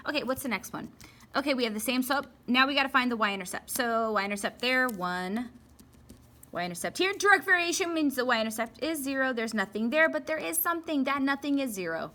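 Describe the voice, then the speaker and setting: With a high-pitched, bright, forceful voice, a young woman teaches math at a fairly quick, animated clip. Her lesson on graphing problems is chatty and playful, and she talks to herself as she goes.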